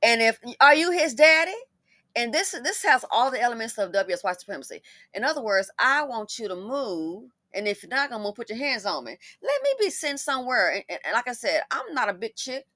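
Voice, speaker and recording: A woman's voice: on the high side, lively intonation, fast, pushed and bright, no echo. A woman giving heated commentary on a news clip, blunt and indignant, swearing and talking back at the people in it.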